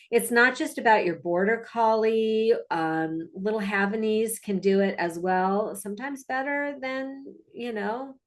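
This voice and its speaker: A woman dog trainer narrating her video clips in a casual, chatty, upbeat way, with fillers and asides. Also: mid-range voice.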